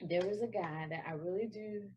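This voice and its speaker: A woman's voice: fairly low pitch, moderate pace, mellow, husky, dull audio. A woman co-hosting a casual dating talk show, chatty and giggly. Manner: chatty and giggly, full of fillers. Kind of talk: casual chat.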